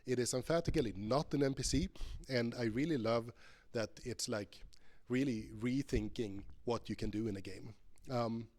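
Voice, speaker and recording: A man's voice: mid-range voice, normal speed, darkish tone. A man giving a conference keynote as a professor, chatty and playful, thinking aloud with many ums and restarts while he demos a game. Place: conference stage.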